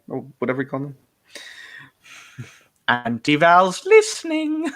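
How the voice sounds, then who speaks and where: A young man, chatting casually about fan films, laughing often and slipping into quick impressions. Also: mid-range voice, lively intonation, fairly bright tone. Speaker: fan-film actor and co-host. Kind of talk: casual chat.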